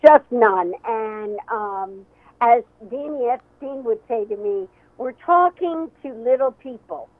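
Female author guest by phone, animated storyteller, tinny and dry. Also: a little high, slow, dry recording. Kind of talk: radio interview.

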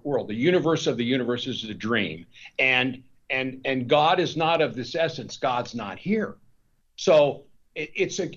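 A man's voice: on the high side, lo-fi sound. A man being interviewed as a guest author. He talks in long, rambling stretches, restarting often and repeating words. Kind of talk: discursive interview talk.

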